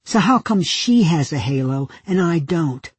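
A man's voice: a little high, animated, measured pace, slightly rough, no echo. A man voicing an aggrieved elderly nun in a told joke, complaining indignantly.

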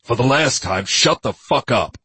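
A man's voice: mid-range voice, expressive, measured pace, sharp tone, breathy edge, dry recording, pitched above the performer's own voice, heavily acted. A man narrating an audiobook voices a blunt, impatient tough guy giving clipped commands. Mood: gruff. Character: tough, blunt male bodyguard type, impatient.

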